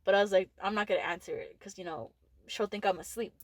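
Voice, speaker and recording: Laughing often and cursing freely, a young woman with a Texas accent tells stories as co-host of a laid-back podcast chat. She talks fast in a mid-range voice, and the recording is dry.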